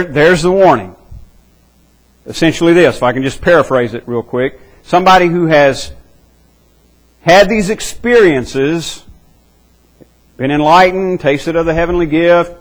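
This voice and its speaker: A man preaching a verse-by-verse sermon. His voice sits fairly high for a man. He is earnest and emphatic, and he stresses key words and circles back over his phrasing. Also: poor audio. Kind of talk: expository sermon.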